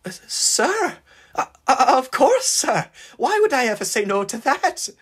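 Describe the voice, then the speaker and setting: A man's voice: very high voice, big pitch swings, unhurried, a bit bright, slightly rough, pitched above the performer's own voice, full character voice. The narrator voicing Marcel, a nervous and eager young male fireman who stammers and frets. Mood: flustered. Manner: stammering, earnest, fretful.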